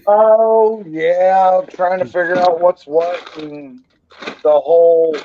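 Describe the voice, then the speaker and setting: A laid-back guest who talks bluntly and swears without fuss. He speaks very slowly in a slightly high voice. His audio is dull and lo-fi, with a faint hiss behind it. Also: fairly even intonation, mellow. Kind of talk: casual chat.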